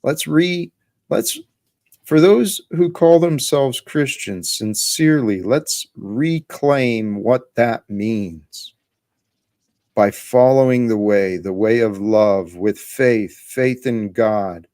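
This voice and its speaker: Slow, earnest preaching man. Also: medium pitch, dry recording, studio quality. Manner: earnest, preacherly, slow and deliberate with excited rises. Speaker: host. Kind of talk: livestream faith talk.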